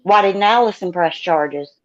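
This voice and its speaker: A woman's voice: lowish voice, a little slow, lo-fi sound. A woman on a livestream panel asking pointed, challenging questions. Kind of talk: confrontational questioning.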